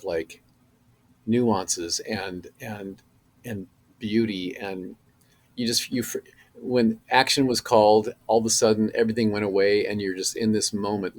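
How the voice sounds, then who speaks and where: A middle-aged actor, a man, chatting as a podcast guest and telling animated stories with many fillers and restarts. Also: fairly low pitch. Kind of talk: casual podcast interview.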